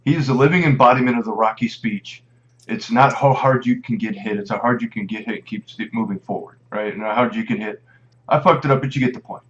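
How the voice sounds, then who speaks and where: A man's voice: mid-range voice, brisk, a bit bright, muffled recording. A man on a casual podcast panel, telling rambling anecdotes and giving a toast.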